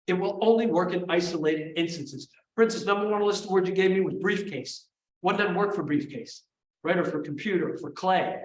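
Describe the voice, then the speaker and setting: High-voiced man leading an energetic memory seminar. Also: slight background noise. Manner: energetic, call-and-response with the audience. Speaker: memory trainer. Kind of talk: live seminar teaching. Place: large room before a live audience. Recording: echoey room, voice from far off.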